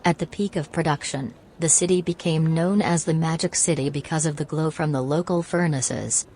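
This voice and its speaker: A low-voiced woman hosts the show in a dry, matter-of-fact way. She reads facts plainly, with a faint hiss of noise behind her. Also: fairly even intonation, moderate pace, darkish tone. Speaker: host.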